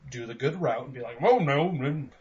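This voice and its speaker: A man co-hosting a podcast game review, ranting profanely and excitedly while acting out quotes. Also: mid-range voice, moderate pace. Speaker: podcast co-host. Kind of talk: casual game review chat. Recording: dull lo-fi sound with faint noise.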